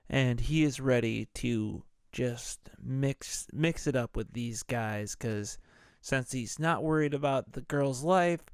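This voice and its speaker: A man's voice: medium pitch, creaky, clear, resonant tone, dry recording, studio quality. A man hosting a podcast, retelling a film in a laid-back, profane, casual way. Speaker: podcast host. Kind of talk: casual movie recap podcast.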